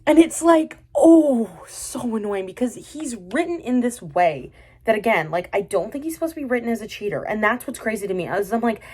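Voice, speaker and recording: A woman's voice: mid-range voice, quick pace, breathy edge. Exasperated woman ranting about a show. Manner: exasperated, sarcastic, animated with lots of fillers. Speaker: drama reviewer. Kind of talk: casual ranting review.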